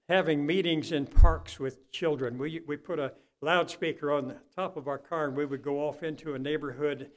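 Preaching a sermon to his congregation, an older man with a fairly high voice spins it like a folksy storyteller. He slips into quiet asides, then builds to loud, fervent peaks.

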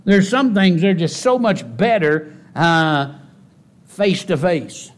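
A man preaching in a folksy, conversational way, with a voice that sits a little high. He repeats key phrases for emphasis and climbs into loud, high exhortation. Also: lively intonation, slow pace. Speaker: pastor. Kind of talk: sermon.

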